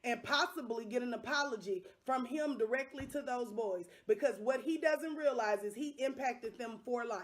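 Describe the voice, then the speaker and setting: A woman's voice: a little high, normal speed, hardly any pauses. A middle-aged woman, vlogging to camera, upset and impassioned, repeating lines for emphasis. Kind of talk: angry direct-to-camera vlog.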